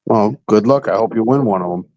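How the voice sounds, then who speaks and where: A man's voice: lowish voice, fairly quick, a little mellow, no room sound, muffled recording. Easygoing man with brief replies. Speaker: guest, season ticket holder. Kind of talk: casual live-stream chat.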